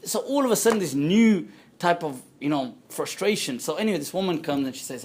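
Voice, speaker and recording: Animated male lecturer, fairly high voice. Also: background noise. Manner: animated and conversational, acting out quoted voices; frequent quick laughs. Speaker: Islamic scholar giving a lecture. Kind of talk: lively lecture to a live audience. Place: indoor talk before a small audience.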